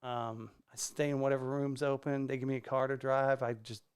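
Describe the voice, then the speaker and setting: A man, a stand-up comedian, telling a casual story on a podcast, animated and swearing freely as he acts out the people in it. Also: mid-range voice, a little fast, clean tone. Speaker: guest comedian. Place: podcast studio.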